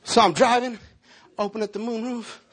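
A man preaching with a high-pitched voice, moving between earnest prophetic declarations and animated storytelling. His delivery is lively and expressive. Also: normal speed. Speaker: pastor. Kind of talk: sermon.

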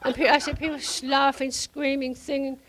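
Older woman preaching, fairly high voice, tells her story with lots of laughs. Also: fairly quick. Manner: animated storyteller, laughing often. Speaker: preacher telling testimony. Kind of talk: storytelling testimony to a congregation.

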